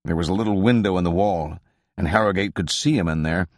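A man narrating a literary novel as an audiobook, in a measured, even reading. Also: low voice, no room sound, clean studio sound.

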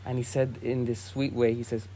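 A young man, a monk, telling a saint's story in a relaxed, casual way with lots of "you know" and "like". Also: mid-range voice, moderate pace, slight background noise. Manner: easygoing, many fillers like "you know" and "like".

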